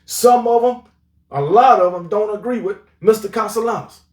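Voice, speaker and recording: A man's voice: high-pitched, normal speed, darkish tone, distant mic. A man giving an opinionated, trash-talking sports rant, repeating his catchphrases as a vlog host. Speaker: sports commentary vlogger. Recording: roomy echo, voice off-mic.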